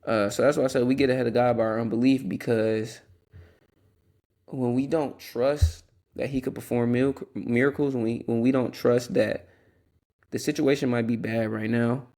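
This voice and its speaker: A man's voice: medium pitch, steady tone, normal speed, warm tone. A young man hosting a Christian podcast, talking earnestly in a rambling, casual way with restarts and asides. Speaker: podcast host.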